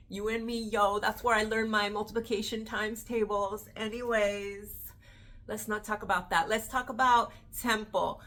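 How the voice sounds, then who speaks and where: A woman in her forties from the United States, chatting to camera in a casual vlog, animated and slangy. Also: medium pitch, normal speed. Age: 40s. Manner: animated, chatty, slangy with frequent "yo" and "you know". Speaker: vlogger, actress.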